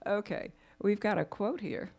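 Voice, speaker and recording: A woman's voice: mid-range voice, a little slow, creaky, darkish tone. A woman interviewing a guest, giving short, encouraging prompts and laughing along.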